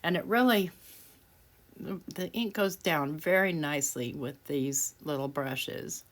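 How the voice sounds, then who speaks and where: Her voice deep and unhurried, a woman narrates a relaxed crafting demo. She keeps up easygoing, self-deprecating chatter while working on her project and laughs a lot.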